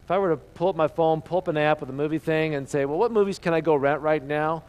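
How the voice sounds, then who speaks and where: A man preaching a sermon as pastor, earnest, asking the listeners questions and dropping to a hushed voice for emphasis. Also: a little high, quick pace, low-quality recording.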